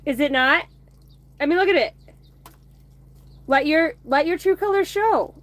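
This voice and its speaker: A woman's voice: high voice, lively intonation, measured pace, fairly bright tone. A woman in her thirties hosting a casual card-reading chat on a phone outdoors, rambling, swearing and laughing between remarks. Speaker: oracle card reader streaming to viewers. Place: outdoors by a bonfire at home.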